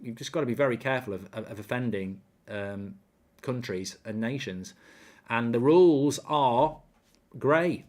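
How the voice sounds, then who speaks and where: A man's voice: mid-range voice, a little slow. A man hosting a live football watchalong, chatting casually, reading out viewer comments and rambling with repeated words.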